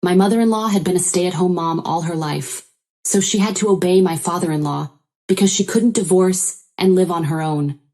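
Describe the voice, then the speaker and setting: A woman narrating a first-person family story in an even, matter-of-fact way. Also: fairly low pitch, normal speed.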